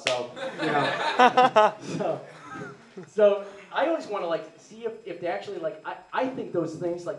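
A young adult man doing a rambling, self-deprecating stand-up comedy set, slipping into quick put-on voices of the people he mocks. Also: fairly high pitch. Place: live comedy venue with audience. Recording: roomy live venue, mic picked up from a distance.

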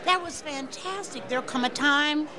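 A woman blues singer being interviewed at a live event, warm and encouraging. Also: sits high, normal speed. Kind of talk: casual chat at a live event. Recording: live event with loud band and crowd. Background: loud music and crowd.

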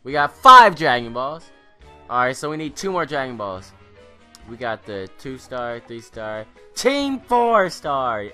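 Excitable teen boy gaming commentator. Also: medium pitch, unhurried, clean tone, faint music behind. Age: teens. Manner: excitable, rambling, self-mocking. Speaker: gaming channel host. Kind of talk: gameplay commentary.

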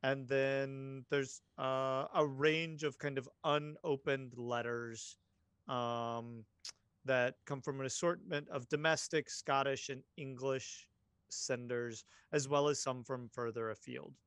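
A man acting as game master, narrating in a halting way and calling for dice rolls. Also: medium pitch, smooth, no room sound. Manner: relaxed, halting narration with fillers, asking players for rolls. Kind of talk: running a tabletop horror game online.

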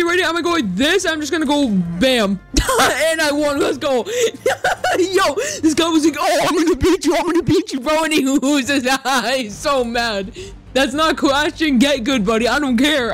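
A man's voice: extremely high pitch, expressive, moderate pace, a bit bright, soft background music. A man giving hyped gameplay commentary as a gaming YouTuber, teasing and trash-talking the players he faces.

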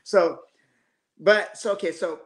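A man's voice: high voice, slow. Rambling, upbeat male guest in an echoey room. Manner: animated anecdotes with frequent restarts. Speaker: guest musician. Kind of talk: casual storytelling.

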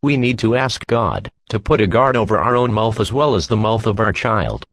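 A man giving a measured, steady scripted reading of a Christian parenting book as an audiobook narrator. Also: on the low side, dry recording.

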